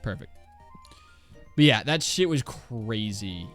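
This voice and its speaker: A young man streaming a game, chatting and telling a story with lots of swearing and high-pitched impressions of others. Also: slow, faint music behind. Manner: animated, swears freely, jumps into high mimicking voices. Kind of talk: casual live-stream storytelling while gaming. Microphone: desk mic.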